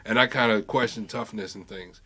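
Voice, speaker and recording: A man co-hosting a casual sports podcast, telling stories with lively impressions and casual swearing. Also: on the low side, fairly quick. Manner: animated storytelling, mimics players, swears casually. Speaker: podcast co-host.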